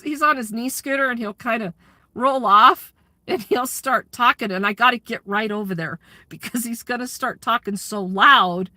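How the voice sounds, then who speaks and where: A woman's voice: a little high, bright, forceful tone, no echo. A woman chatting candidly to her live audience, laughing often and swearing freely. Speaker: livestreamer and community aid organizer. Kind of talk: casual chat to a live audience.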